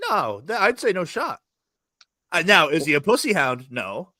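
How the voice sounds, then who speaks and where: A man sits in as a podcast guest and spins rapid, profane anecdotes, laughing as he goes. His voice is bright and forceful, and the sound is dry and close with no room around it. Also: on the high side, very animated, no echo. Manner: fast, profane storytelling with bursts of laughter. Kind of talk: casual podcast chat.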